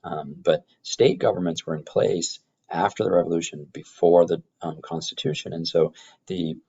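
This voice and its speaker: A middle-aged man teaching a high school government class, rambling through explanations and stories with many fillers and restarts. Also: steady tone, normal speed, vocal fry, warm tone, breathy edge, lo-fi sound. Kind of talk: classroom lecture.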